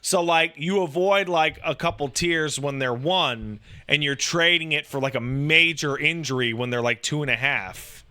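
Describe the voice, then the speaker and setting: A man in his thirties chatting casually about raising a baby, profane and animated, full of "like" and restarts. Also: fairly high pitch, normal speed, hardly any pauses, clear, resonant tone. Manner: profane, animated storytelling with lots of "like". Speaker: podcast talker, new father. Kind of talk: casual chat.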